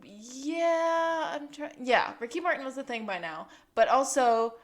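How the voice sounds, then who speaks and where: A woman's voice: high-pitched, sing-song. A young woman co-hosting a podcast, chatting casually about an episode and laughing often. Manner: giggly, quick to laugh. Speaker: podcast co-host. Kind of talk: casual recap chat.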